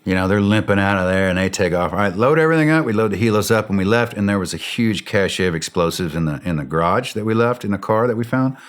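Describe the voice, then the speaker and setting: A man telling a war story in a blunt way, swearing freely and acting out the shouted radio calls. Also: deep voice, fast, hardly any pauses. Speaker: interview guest.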